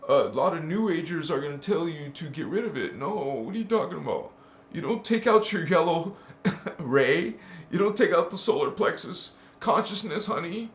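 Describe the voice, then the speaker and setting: A man's voice: on the high side, animated, normal speed. A man hosting a spiritual channel, talking casually and playfully, laughing often and calling the listener honey. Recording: roomy echo.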